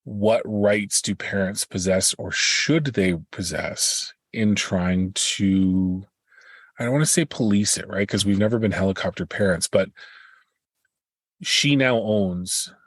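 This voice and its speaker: Brief: forties male podcast co-host, low husky voice, deadpan teasing, dry close mic. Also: slow pace, dry recording. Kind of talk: casual chat.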